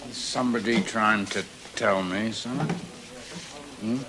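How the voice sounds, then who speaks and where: An actor playing a stern, middle-aged veteran comedian who teaches a night class and lectures in a deliberate, cutting way. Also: male voice, on the low side, fairly even intonation, a crowd in the background, close to an everyday voice. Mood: drilling. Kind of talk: 1970s television drama acting.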